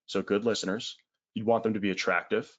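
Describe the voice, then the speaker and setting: A man's voice: on the low side, fairly even intonation, brisk, dull audio. A man giving a casual webinar sales talk, blunt and emphatic, in colloquial words with the odd swear.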